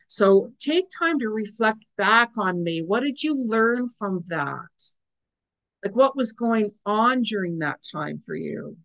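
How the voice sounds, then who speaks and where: Chatty, rambling woman astrologer. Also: medium pitch. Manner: chatty, rambling, many fillers and asides. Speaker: astrologer giving a weekly forecast. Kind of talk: casual spoken forecast to viewers.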